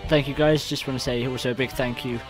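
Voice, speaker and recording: A man's voice: mid-range voice, steady tone, quick pace, over music. A young man from England, talking as a podcast guest in a matter-of-fact, easygoing way. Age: young adult. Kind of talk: casual interview chat.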